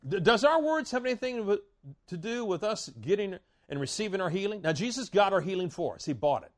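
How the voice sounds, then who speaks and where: Folksy, fairly high-voiced preacher man. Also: animated, a little fast. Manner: folksy, repetitive, stammering restarts, bursts of loud declaring. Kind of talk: sermon.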